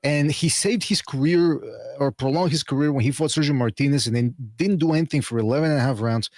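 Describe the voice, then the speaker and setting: A man's voice: mid-range voice, fast talker, darkish tone, dry recording. A man with a mid-range voice delivers blunt, rambling commentary as a podcast co-host. His tone is sardonic and opinionated. The sound is very dry and close. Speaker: podcast co-host, boxing pundit.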